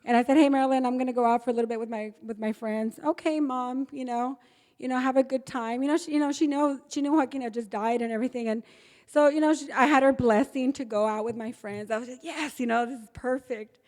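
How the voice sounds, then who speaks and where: A woman's voice: fairly high pitch, fairly even intonation, fast, a little mellow. A middle-aged woman from Texas telling a candid recovery story at an AA gathering, acting out the dialogue as she goes. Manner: candid storytelling, acts out dialogue, laughs often. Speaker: AA speaker. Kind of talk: personal recovery talk. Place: large meeting hall. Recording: reverberant hall.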